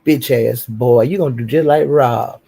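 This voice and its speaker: A man ranting on a live stream, taunting someone with profane insults and slow, drawn-out jabs. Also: medium pitch, gravelly, warm tone, breathy edge. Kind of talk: heated live-stream rant.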